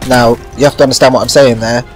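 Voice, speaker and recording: A man's voice: medium pitch, fairly even intonation, quick pace, soft background music. A man giving casual gameplay commentary, rambling and chatty and swearing now and then. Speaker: gaming channel host.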